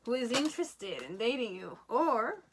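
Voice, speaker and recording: A woman giving a pick-a-card tarot reading, excitable, often checking in with "okay?" and a bit out of breath. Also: a little high, normal speed, noisy background. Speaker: tarot reader.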